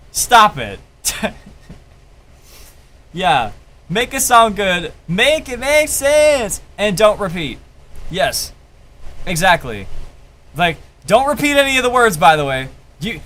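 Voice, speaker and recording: A man's voice: sits high, sing-song, a little slow, long pauses, sharp tone. A young man, a rapper, ranting casually about rhyme in his own music, heated and profane, often restarting his sentences. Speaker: rapper breaking down his album.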